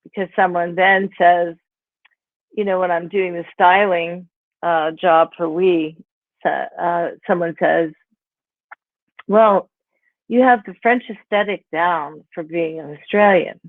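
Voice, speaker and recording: Slow and steady, with frequent pauses, this lower-voiced woman—a Pennsylvania author in her sixties—tells casual, meandering life stories full of "like" and "you know." There's no room sound, though the audio is tinny like a phone call.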